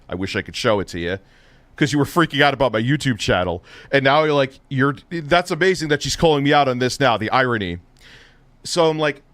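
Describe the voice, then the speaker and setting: A man's voice: medium pitch, lively intonation, normal speed, a bit bright, no echo. A man hosting a live stream, ranting with heavy profanity and biting sarcasm. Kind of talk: heated live-stream rant.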